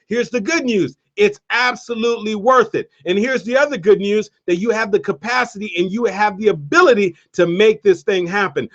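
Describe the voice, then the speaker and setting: A man giving a motivational talk, telling a story with an energetic, repetitive preacher-like cadence. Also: high voice, highs cut off. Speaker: motivational speaker.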